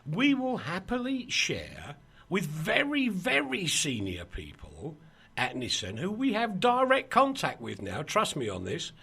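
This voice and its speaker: Lively, husky man telling stories. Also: on the high side, unhurried. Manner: animated, laughing storyteller with mock quotes. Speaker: radio show host. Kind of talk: casual chat, storytelling.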